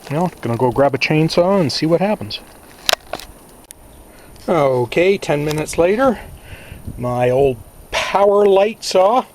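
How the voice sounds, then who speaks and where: A man narrating a casual vlog at his small off-grid cabin, talking slowly and plainly to himself with sighs and asides. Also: on the high side, expressive, slight background noise. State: out of breath. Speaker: cabin owner filming his visit.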